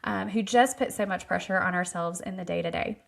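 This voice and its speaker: A woman's voice: fairly low pitch, fairly quick, gravelly. Earnest, chatty woman podcast host. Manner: earnest, chatty, talks in long runs. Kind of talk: casual chat interview.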